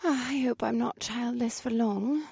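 A man voicing an eager, earnest young woman in an audiobook, with a raised, gravelly voice. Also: very high voice, measured pace, darkish tone, no room sound, studio quality, voice pushed up, heavily acted. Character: eager sleepy young red-haired woman. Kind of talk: audiobook character voice.

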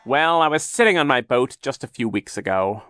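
A man's voice: medium pitch, expressive, normal speed, music in the background, pitched above the performer's own voice, lightly acted. A man voicing a scheming male villain in disguise, smarmy and whiny. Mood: oily.

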